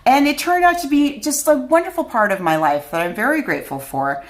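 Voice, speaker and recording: A woman's voice: high voice, expressive, fairly quick. A middle-aged woman vlogger telling a personal story to camera, chatty and candid, often laughing at herself.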